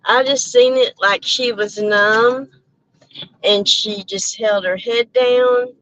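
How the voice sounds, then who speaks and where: A woman's voice: mid-range voice, fairly even intonation, slow pace, fairly bright tone, muffled recording. A woman chatting casually with live viewers from her car, rambling and breaking off with laughs, a little out of breath. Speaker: channel host. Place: in a car while driving. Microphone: headphones with mic.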